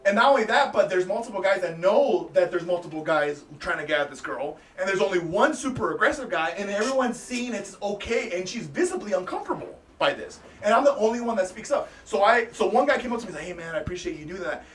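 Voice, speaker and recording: A man hosting a podcast, telling a story in an animated, profane, casual way. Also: high voice, fast, few pauses, roomy sound, recorded from a distance, a little hiss or hum. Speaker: podcast host.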